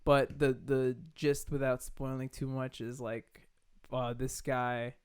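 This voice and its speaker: A man's voice: medium pitch, level tone, slow pace, smooth. A man in his twenties from Queens, New York, co-hosting a podcast and telling stories loosely, with lots of filler words and laughter. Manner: loose storytelling with many likes and laughs. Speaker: podcast co-host. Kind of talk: casual podcast chat.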